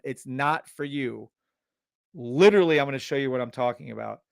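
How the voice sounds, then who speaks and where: A man hosting a live trading stream, pitching a scanner and ranting bluntly at viewers, swearing freely and sounding exasperated. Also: moderate pace, vocal fry, no room sound, clean studio sound. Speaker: trading livestream host.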